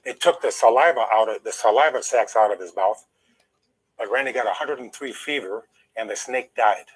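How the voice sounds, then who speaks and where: A man's voice: lowish voice, normal speed, slightly rough, low-quality recording. Older guy telling his story in an interview, emphatic, a bit aggrieved, holding back emotion. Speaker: interview guest.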